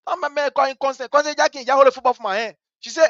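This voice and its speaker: A man with a Liberian English accent hosting a talk show. He tells a story with passion, swinging between hushed and loud. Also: extremely high pitch, rapid-fire, no room sound, lo-fi sound. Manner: vivid, story-driven. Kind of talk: animated radio commentary with storytelling.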